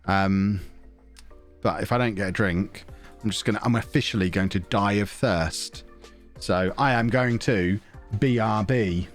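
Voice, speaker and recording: A young man streams a game from a small home office, rambling casually to his viewers while talking close into a desk mic. His voice is fairly low and his pace measured, with faint music in the background.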